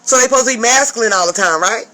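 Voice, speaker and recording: A woman's voice: fairly high pitch, racing, bright, forceful tone, soft background music, rough recording. A woman speaking as a spiritual advisor in a casual vlog rant. She swears a lot, talks emphatically and keeps checking in with the viewer.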